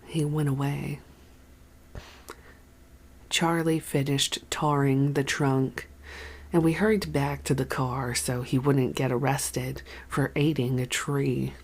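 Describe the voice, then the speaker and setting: Slow, measured memoir reader. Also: medium pitch, flat delivery. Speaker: audiobook reader. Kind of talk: reading a memoir aloud.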